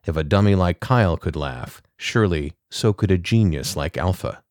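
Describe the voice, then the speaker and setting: Man, story narrator, very low voice, measured delivery, dry recording. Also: expressive, a little mellow, no room sound.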